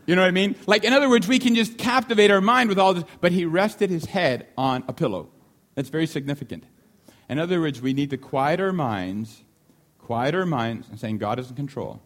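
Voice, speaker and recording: A man delivering a sermon with a voice pitched a little above the usual male range. He preaches in an animated way, repeating key lines for emphasis and briefly acting out the voices of people in the story. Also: a little fast. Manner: animated, acts out the disciples' shouting.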